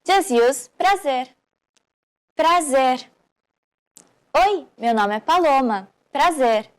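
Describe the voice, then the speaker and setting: A woman hosting a beginner language lesson, friendly, slowing down to model phrases. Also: high-pitched, expressive, a little mellow. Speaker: language teacher host.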